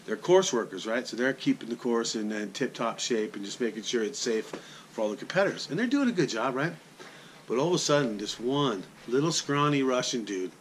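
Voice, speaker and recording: Male sports announcer, mid-pitch, animated and chatty, straight-to-camera vlog delivery, faint noise behind. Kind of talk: casual vlog storytelling.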